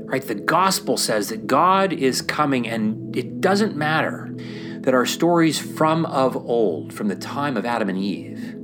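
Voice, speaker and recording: A man talking about faith in a casual, animated way, often acting out the voices he quotes and using fillers like "like". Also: mid-range voice, a little slow, over music. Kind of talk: casual sermon-style chat.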